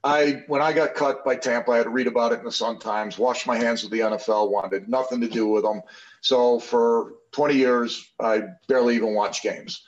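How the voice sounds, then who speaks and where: A man's voice: mid-range voice, steady tone, moderate pace, muffled recording. A man in his sixties, a podcast guest, telling long anecdotes in a rambling way with many fillers and restarts. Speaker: podcast guest, former football player. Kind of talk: casual storytelling interview.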